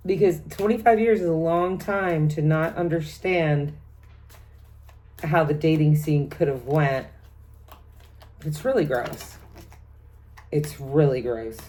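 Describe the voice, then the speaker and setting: Low-voiced middle-aged woman reading tarot. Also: slow, long pauses, mellow. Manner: chatty, reads card meanings as lists, laughs often. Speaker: tarot reader. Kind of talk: casual tarot reading vlog.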